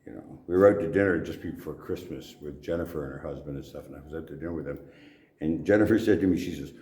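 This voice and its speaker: A very deep-voiced older man spins stories in a gruff, casual way, swearing freely. The sound is roomy, like a busy convention hall. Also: fairly quick, darkish tone. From Canada. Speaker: actor guest. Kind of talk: anecdotal interview storytelling. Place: convention venue indoors. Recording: echoey convention room.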